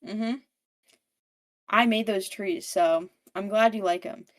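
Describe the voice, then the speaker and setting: A woman's voice: mid-range voice, fairly even intonation, takes it slowly, natural voice. Chill mythical creature guy, friendly and slangy, woman doing the voice. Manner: easygoing, chatty slang. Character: friendly laid-back male mythological creature.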